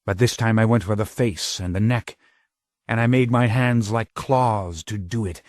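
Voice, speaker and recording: A man's voice: a little mellow, dry recording. A man narrating an audiobook in a dramatic, intense way, close to a studio mic. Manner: slow, low and intense, rising to urgent cries.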